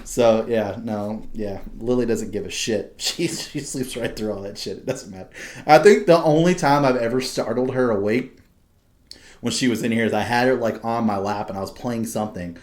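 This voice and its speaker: A man's voice: lowish voice, normal speed. Casual swearing male podcast host. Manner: swears freely, laughs often, animated storytelling. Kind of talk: casual chat.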